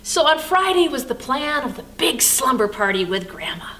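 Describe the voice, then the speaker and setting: Bright high-voiced older woman pastor. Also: sing-song, normal speed, slight background noise. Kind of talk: devotional storytelling sermon.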